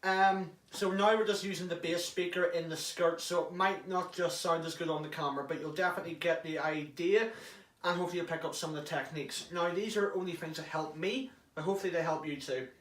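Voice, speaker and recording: A man's voice: a little high, steady tone, a little fast, a bit bright. Chatty man, echoey and far off-mic. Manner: chatty and jokey, with swearing. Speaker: prop hobbyist. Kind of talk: casual how-to demonstration. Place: inside an enclosed prop casing.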